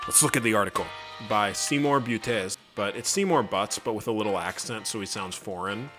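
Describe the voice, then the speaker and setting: A young man narrating a comedy video in a dry, sarcastic, deadpan way. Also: on the low side, quick pace, music in the background.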